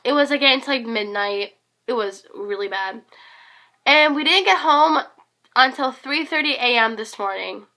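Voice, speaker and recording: A teenage girl with a hoarse voice, rambling and gushing in a casual vlog recap, full of fillers. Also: sits high, expressive, normal speed, pushed and bright. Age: teens. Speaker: concert fan vlogger.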